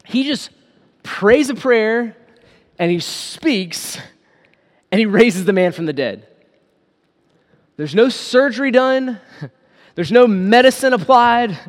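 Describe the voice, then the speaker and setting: A man preaches to his church, retelling scripture with lively paraphrased quotes. His voice sits high for a man. The hall rings with a long reverb behind him. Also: slow pace, pauses often. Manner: animated, acts out quotes in paraphrase. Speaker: pastor. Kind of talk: sermon.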